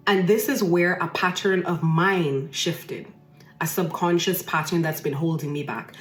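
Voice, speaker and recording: A woman's voice: fairly low pitch, steady tone, measured pace, reverberant, faint music behind. A woman hosting a podcast, telling a personal story emphatically and repeating phrases for effect. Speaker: podcast host.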